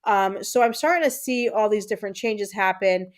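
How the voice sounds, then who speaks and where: A woman's voice: medium pitch, moderate pace. A woman in her thirties with a Puerto Rican accent, hosting a casual livestream and chatting with viewers, reading comments aloud and rambling with fillers. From Puerto Rico. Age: 30s. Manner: chatty, reads out chat comments, frequent fillers and repeats. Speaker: livestream host.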